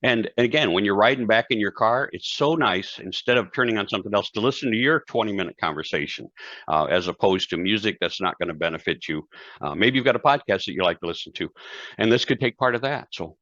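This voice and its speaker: A man's voice: on the low side, lively intonation, fast talker, a bit bright, no echo. A man, a guest speaker and author, talking conversationally and acting out quoted dialogue in his stories. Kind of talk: conversational interview talk. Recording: dull, dry lo-fi sound.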